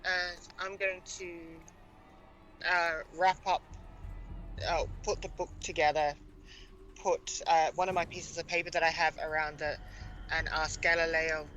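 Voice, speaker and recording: A man's voice: fairly high pitch, flat delivery, a little slow, long pauses, sharp tone, a little hiss or hum, rough recording. A man playing a tabletop game, chatting and describing what his character does. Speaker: player. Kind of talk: casual tabletop play.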